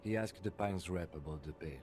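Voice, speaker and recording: Kim, a curt police partner. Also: male voice, sits low, quick pace, husky. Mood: weary. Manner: curt, deadpan. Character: calm dry-witted male police lieutenant. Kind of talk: video game voice acting.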